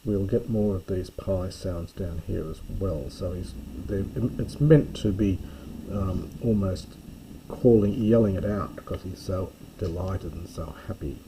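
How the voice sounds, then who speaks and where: A man giving a careful, explanatory close reading of a Greek play as a lecturer, pausing to correct himself. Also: deep voice, noisy background. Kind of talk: slow scholarly close reading.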